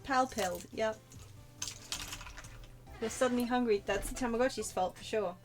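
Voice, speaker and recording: A woman streaming a game in casual chat. Her voice is very high and quick. She mocks herself in rapid asides between lines. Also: soft background music. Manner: self-mocking, quick asides.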